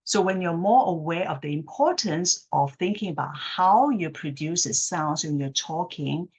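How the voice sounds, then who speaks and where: In an instructional talk to camera, a low-voiced woman speech therapist patiently explains a technique. She checks in with the listener and slowly acts out example phrases with exaggerated inflection.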